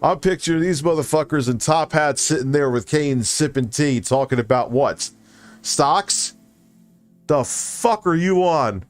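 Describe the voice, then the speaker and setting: A man streaming reaction commentary, mocking and swearing, often rising into loud high-pitched rants. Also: unhurried, soft background music.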